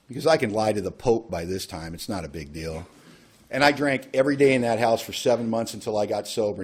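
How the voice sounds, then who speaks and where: Man, mid-pitch, wry storyteller at a recovery workshop, self-mocking, acts out quoted voices. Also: darkish tone, slightly rough. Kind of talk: personal recovery story told to a group.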